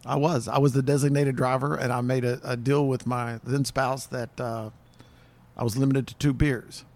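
A man's voice: mid-range voice, flat delivery, moderate pace, darkish tone. A man in casual chat, reminiscing with self-deprecating humor and frequent restarts.

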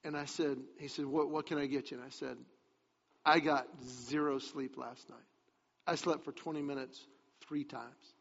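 A man's voice: a little high, fairly even intonation, moderate pace, creaky, fairly bright tone. A man giving a sermon as a pastor, telling a personal story in a confiding way that turns emphatic. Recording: long hall reverb, dull lo-fi sound.

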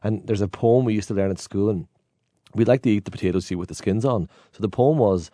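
Low, mellow Donegal Irish man. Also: quick pace, dry recording. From Ireland. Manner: storytelling, jokey. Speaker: tour guide. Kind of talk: casual chat.

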